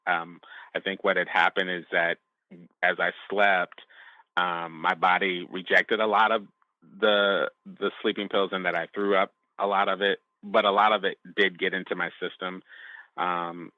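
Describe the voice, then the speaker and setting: A man sharing a personal testimony as a podcast guest, speaking in a halting, reflective way with frequent restarts. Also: low voice, dry recording, phone-quality sound.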